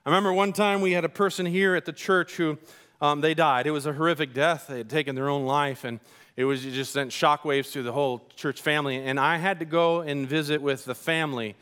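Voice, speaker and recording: A man preaching a sermon as a pastor, telling stories in a conversational, animated way with casual slang. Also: fairly high pitch, a little fast, clean tone. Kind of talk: sermon with storytelling.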